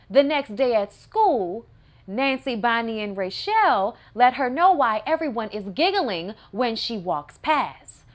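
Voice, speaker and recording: A woman reviewing a movie in a casual recap with sassy, wry asides. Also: fairly high pitch.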